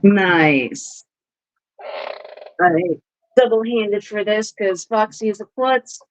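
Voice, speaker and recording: A woman hosting a casual live stream, bubbly and quick to laugh, who baby-talks to her pets while she chats. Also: medium pitch, expressive. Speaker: livestream host. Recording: dry, slightly dull livestream audio.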